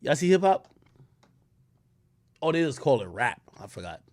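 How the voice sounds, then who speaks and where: Male streamer, casual profane chat, lively pitch swings, dry close sound. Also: normal speed, no room sound. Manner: loose and profane, reacting to chat, swings loud and quiet.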